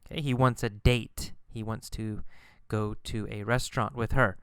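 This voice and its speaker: Man, English lesson, very clear voice, dry close recording, repeats and quotes lines. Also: lowish voice, fairly even intonation, normal speed, a bit bright, dry recording. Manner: repeats phrases and lifts his voice when quoting characters. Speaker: English teacher. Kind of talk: slow explanatory ESL lesson.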